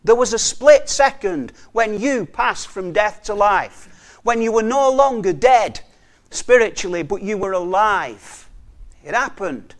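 A man preaching a sermon earnestly, repeating key phrases for emphasis and often dropping to a soft, quiet delivery. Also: sits high, expressive, measured pace.

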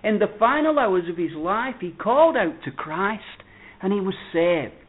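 A man preaching a sermon, emphatic, swinging between loud declarations and hushed words. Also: high-pitched, very animated, moderate pace. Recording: tinny phone-like audio.

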